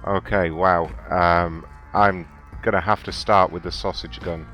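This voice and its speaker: A man's voice: deep voice, steady tone, measured pace, few pauses, bright, forceful tone, faint music behind. A man hosting a prank call show, rambling casually with crude, sarcastic remarks. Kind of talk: casual crude radio banter.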